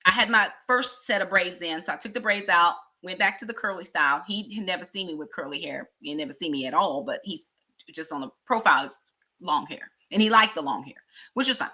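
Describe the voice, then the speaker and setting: Bright-voiced chatty middle-aged woman. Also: lowish voice, brisk. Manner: chatty, animated, acts out dialogue. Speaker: vlogger. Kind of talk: casual personal storytelling.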